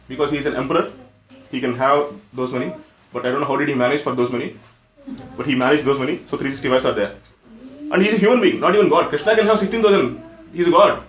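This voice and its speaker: Male scripture teacher, slightly high voice, repeats himself for emphasis, echoey hall. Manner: explanatory, repeats points for emphasis, asks the audience questions. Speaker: religious teacher. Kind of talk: scripture class lecture. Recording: echoey room.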